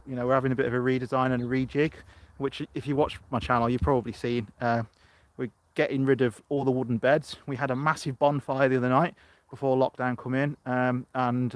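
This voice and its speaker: Outdoors on his allotment, a middle-aged man from England holds a rambling live-streamed chat, addressing a phone camera and replying to viewers as he goes. His voice sits at medium pitch, with no room sound.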